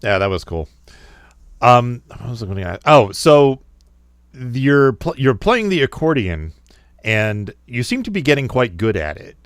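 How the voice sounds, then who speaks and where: A man's voice: medium pitch, big pitch swings, unhurried, no room sound. Curious male podcast host, dry sound. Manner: curious, laughs easily. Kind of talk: casual podcast chat.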